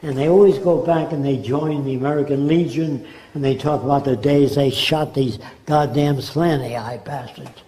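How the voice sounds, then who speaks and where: A man's voice: mid-range voice, steady tone, normal speed, warm tone, slight background noise. An older man giving a spoken lecture, emphatic, often dropping into mimicked voices. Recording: roomy echo.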